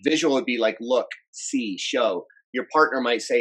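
A man who grew up in France, coaching on relationships in a casual podcast chat, instructive and energetic, often repeating words. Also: mid-range voice, normal speed, slightly rough, rough recording.

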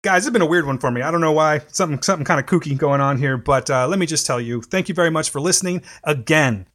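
A man's voice: a little high, a bit bright. Rambling, foul-mouthed male podcast host. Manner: loose, profane and rambling. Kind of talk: casual podcast chat.

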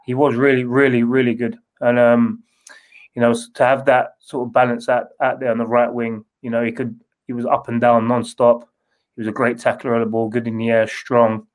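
A man's voice: medium pitch, little pitch movement, brisk, poor audio. A man, a former footballer answering interview questions in a loose, rambling way with many restarts. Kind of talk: casual interview.

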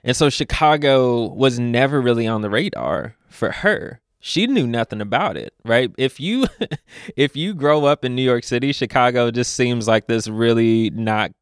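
Clear-voiced young man telling stories. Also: mid-range voice, dry recording, studio quality. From Louisville, Kentucky. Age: young adult. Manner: animated storyteller, laughs often, quick asides. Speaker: podcast guest. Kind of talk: casual conversation.

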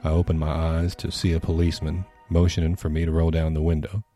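A man narrating a scary story for a podcast in a steady, measured reading. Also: a bass voice, soft background music. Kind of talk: scripted horror story narration.

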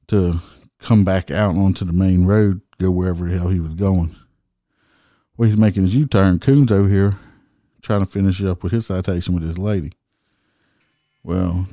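A man's voice: sits low, warm tone, no echo, studio quality. A middle-aged man, a motorcycle cop telling stories bluntly and profanely in a folksy, casual way. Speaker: motorcycle police officer, podcast host. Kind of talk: casual storytelling.

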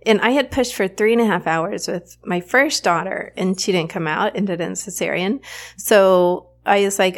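A woman in her thirties hosting a podcast, telling a personal story in a candid, animated way with frequent fillers. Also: fairly low pitch, fairly quick. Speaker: podcast host.

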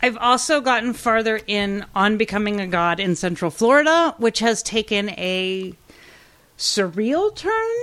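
A woman co-hosts a pop culture podcast in an easy, conversational way. She is enthusiastic and candid and swears freely, with her voice sitting in a middle pitch. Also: expressive, unhurried, a bit bright. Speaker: podcast co-host. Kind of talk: casual pop culture review chat.

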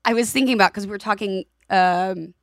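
A woman in her forties co-hosting a podcast, telling stories in a lively, animated way. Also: medium pitch, fairly quick, dry recording, studio quality. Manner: animated storytelling with laughs and quoted voices. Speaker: podcast co-host. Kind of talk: casual chat.

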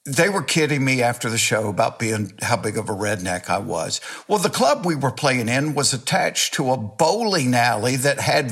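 An older man with a Southern US accent, telling folksy, self-mocking stories as a comedian guest in an interview. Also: medium pitch. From Georgia, US. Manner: folksy, animated anecdotes with self-mocking humor. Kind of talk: storytelling interview chat.

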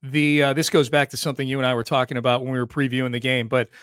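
A man hosting a sports talk podcast, chatty and energetic, talking quickly about football. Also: medium pitch, clean tone, dry recording, clean studio sound. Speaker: podcast host.

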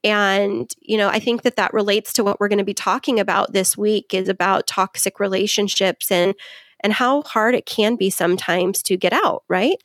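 A woman's voice: mid-range voice, moderate pace, dry recording, clean studio sound. Friendly woman co-hosting a podcast. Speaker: podcast co-host. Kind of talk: casual podcast chat.

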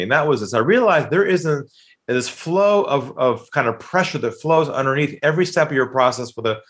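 A man's voice: a little high, fairly bright tone. A man telling a dramatic story about a sales call, acting out the quoted voices with emphatic delivery. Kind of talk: animated storytelling.

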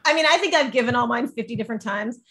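A woman's voice: on the high side, very fast, a bit bright, husky. A woman co-hosting a podcast, chatting animatedly and joking about repeating herself. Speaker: podcast co-host. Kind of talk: casual chat.

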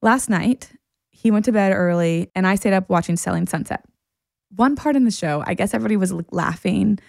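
A woman hosting a podcast, telling a personal story in a casual, animated way and laughing often as she goes. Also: medium pitch, fairly quick, creaky, dry recording, studio quality. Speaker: podcast host and therapist.

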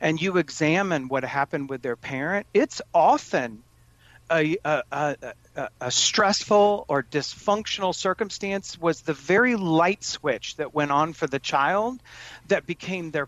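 A man's voice: fairly high pitch, lively intonation, measured pace, fairly bright tone, no echo, highs cut off. A man giving parenting advice in conversation, earnest and often restarting his sentences. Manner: earnest, with frequent restarts and stammered starts. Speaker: parenting coach.

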